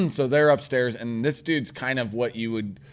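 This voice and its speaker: In a casual podcast chat, a man with a medium-pitched voice and some vocal fry tells a long, rambling story at a measured pace. He swears often and slips into animated voices when quoting people.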